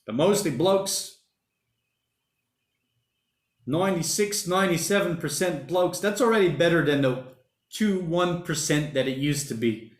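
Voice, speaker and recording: Streaming from his home in lockdown, this host has a fairly high voice with lively intonation and a normal pace, set in an echoey room. He chats in a rambling, casual way, reads viewer comments aloud, and drops slang such as "mate" and "bloody."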